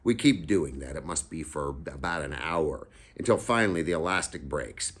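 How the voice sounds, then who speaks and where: Deep-voiced man telling a story casually. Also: lively intonation, normal speed. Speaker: audiobook reader. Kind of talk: reading a novel aloud in first person.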